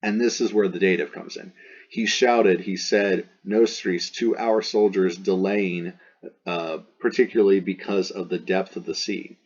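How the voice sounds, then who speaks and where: Husky-voiced man teaching Latin. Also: deep voice, fairly even intonation, normal speed, darkish tone, highs cut off. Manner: explains step by step, thinks aloud, offers several translations for each word. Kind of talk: casual recorded Latin translation lesson.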